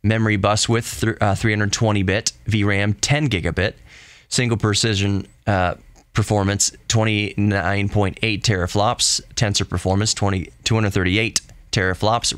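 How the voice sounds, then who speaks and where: A young adult man hosts his own podcast, reading hardware specs aloud and breaking off into jokey, excitable asides. His voice sits on the low side and he stumbles and corrects himself as he goes. The sound is close and dry, with no room around it. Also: moderate pace, no room sound. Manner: gentle sign-off encouragement. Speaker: podcast host.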